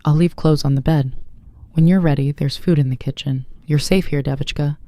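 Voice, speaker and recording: Gentle motherly housekeeper in her fifties with a Russian accent, soft and low-key, dark mellow tone, read by the story's narrator. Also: steady tone, moderate pace, dry recording, natural voice. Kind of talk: scripted audiobook narration.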